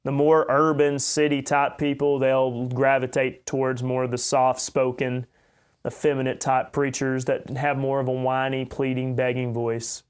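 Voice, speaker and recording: A man with a light Oklahoma accent delivers a blunt, opinionated podcast monologue. He enunciates his words carefully, and his voice sits at an ordinary middle pitch. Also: level tone, normal speed, clear, resonant tone. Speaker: podcast host. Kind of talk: commentary monologue.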